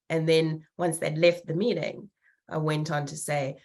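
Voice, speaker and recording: A woman co-hosting a podcast in casual chat, telling animated stories and swearing freely. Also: low-pitched, a little slow. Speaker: podcast co-host.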